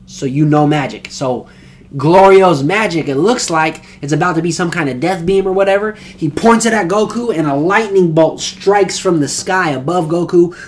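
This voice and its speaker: A young man casually recapping an anime episode, rambling and excited, with slang and swearing. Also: fairly high pitch, moderate pace. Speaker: anime reviewer.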